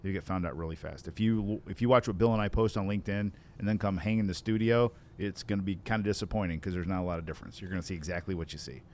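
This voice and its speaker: A man's voice: low-pitched, steady tone, fast, few pauses, a little mellow, a little hiss or hum. A middle-aged man co-hosting a conversational podcast as a sales consultant, joking, laughing easily and giving blunt advice.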